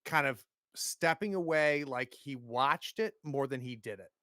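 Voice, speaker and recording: A man's voice: mid-range voice, expressive, unhurried, sharp tone, dry recording, studio quality. A man playing a tabletop game, thinking aloud about his character's choices. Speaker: player. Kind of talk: tabletop role-play.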